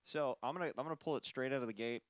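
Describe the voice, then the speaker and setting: A man's voice: medium pitch, racing, clear, resonant tone, no room sound. Laid-back guy on a podcast, mid voice, laughs here and there, dry mic. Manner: easygoing, chuckles between remarks. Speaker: podcast co-host. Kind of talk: casual chat.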